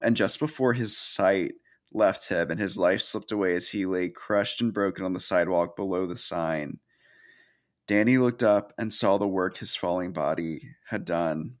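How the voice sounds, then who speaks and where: A man's voice: deep voice, moderate pace. A man co-hosting a podcast, retelling a horror story in casual, sardonic, profane chat. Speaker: podcast co-host.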